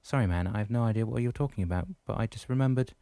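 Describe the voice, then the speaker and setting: Eager impulsive young man voiced by a man, hurried, dark mellow voice. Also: lowish voice, clear, resonant tone, dry recording, lightly acted.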